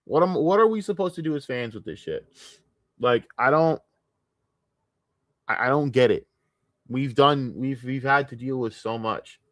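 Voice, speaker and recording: A man's voice: mid-range voice, a little slow, pauses often, dry recording, clean studio sound. A man from the United States ranting on a casual livestream, frustrated and profane, rambling with many restarts. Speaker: streamer.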